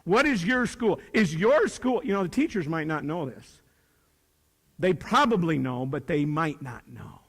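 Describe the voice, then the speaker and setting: Folksy high-voiced man speaking in a hall. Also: sing-song, measured pace, fairly bright tone. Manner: folksy, joking, asks the crowd questions. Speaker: speaker at a student leadership academy. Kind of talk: motivational speech to students. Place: large hall with a student audience. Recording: long hall reverb.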